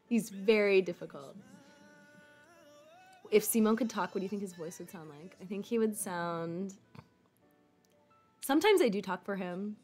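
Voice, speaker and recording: A woman's voice: on the low side, animated, normal speed, pauses often, breathy edge, soft background music. Rambling, casual woman chatting with viewers. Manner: rambling, fillers like "like", casual swearing. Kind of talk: casual chat.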